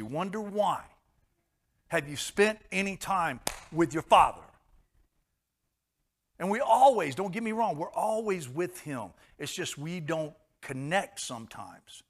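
A man preaching a sermon, swinging between hushed and loud passages and repeating phrases for emphasis. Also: on the high side.

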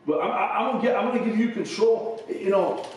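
A man's voice: high-pitched, fairly quick. A male preacher giving a conversational sermon, often repeating and restarting his words. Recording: echoey hall from far off.

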